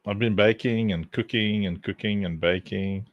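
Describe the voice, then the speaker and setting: This streamer's voice is lowish and steady at a normal speed, with lo-fi sound. He rambles and jokes to himself as he works and clicks around, chuckling often.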